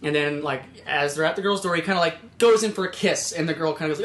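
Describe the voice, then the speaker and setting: High, bright-voiced young man rambling. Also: fast talker, hardly any pauses. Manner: rambling storyteller, many fillers, bursts into loud put-on voices. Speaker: podcast host. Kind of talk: casual podcast chat. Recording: echoey room.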